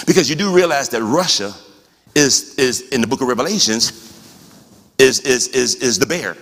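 A man preaching a sermon as pastor, talking conversationally with rhetorical questions and rising to shouts. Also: a little high, sing-song, fast talker, big-room sound.

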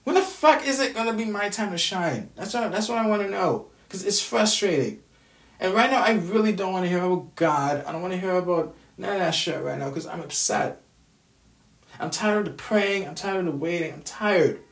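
A man's voice: sits high, normal speed, creaky, recorded from a distance. A man venting to the camera in a frustrated, swearing rant, often repeating himself. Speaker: vlogger. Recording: roomy echo, away from the mic.

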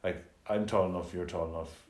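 A man's voice: low voice, steady tone, brisk, a little mellow. An Irish man chatting on a podcast in an easygoing, laid-back way. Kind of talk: casual chat. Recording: echoey room.

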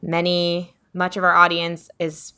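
A woman's voice: lowish voice, completely flat delivery, pushed and bright. A woman hosting a podcast, opening the episode in an upbeat, casual way. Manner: upbeat, reads a list quickly. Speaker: podcast host.

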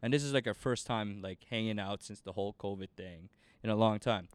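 A man's voice: fairly low pitch, a little fast, smooth, no echo. Slangy young Canadian man telling a story. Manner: rambling, slangy, animated retelling with quoted voices. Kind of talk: casual storytelling chat.

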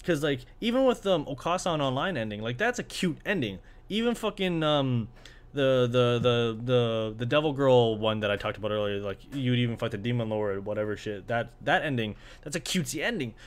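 A man in an easygoing, unscripted monologue, his voice sitting at an ordinary middle pitch. He rambles from thought to thought, swears constantly and gets worked up as he goes. He records alone in his apartment. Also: fairly quick. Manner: excitable, profane, loose and rambling. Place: apartment room by a window.

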